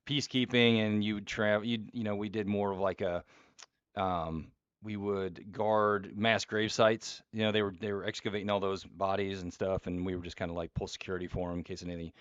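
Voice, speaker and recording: A middle-aged man with a low voice hosts a podcast in an easygoing, agreeable way, sharing his own service memories. His sound is dull and lo-fi, and the recording is dry and close. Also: fairly even intonation, clear, resonant tone, dry recording. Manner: easygoing, agreeable, quick to laugh along. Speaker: podcast host, military veteran. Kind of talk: casual conversational interview.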